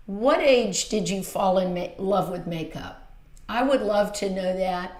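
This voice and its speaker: Her voice sits at a medium pitch as this woman in her fifties chats her way through viewer comments on a casual beauty livestream. She's warm and gushing, exclaiming often. The small home filming room gives an echoey sound.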